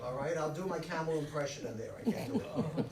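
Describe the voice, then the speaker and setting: A man preaching a humorous, conversational sermon as the rabbi at Friday night services, trading jokes and quick asides with the congregation. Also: fairly high pitch, expressive, over a noisy crowd. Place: synagogue sanctuary. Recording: echoey hall, mic at a distance.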